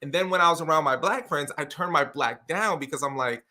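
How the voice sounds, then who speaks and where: A man with a bright, forceful voice tells stories as a guest on a talk show. He speaks with lively energy and explains his points with feeling. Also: a little high, fairly quick. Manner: energetic, expressive storyteller with many fillers and restarts. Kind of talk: casual conversational interview.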